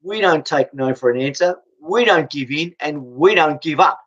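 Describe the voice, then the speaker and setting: A man's voice: on the high side, moderate pace, fairly bright tone. An Australian man delivering an angry, blunt political rant, swearing and stumbling over repeated restarts. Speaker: political vlogger. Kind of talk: angry ranting monologue. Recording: dull lo-fi recording.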